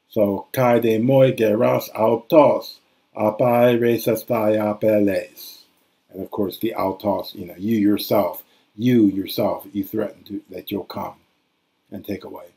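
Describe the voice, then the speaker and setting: A man giving a recorded grammar lecture, thinking aloud with hesitations and restarts, and reading passages slowly and carefully. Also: on the low side, mellow, slightly rough, poor audio. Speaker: classics lecturer.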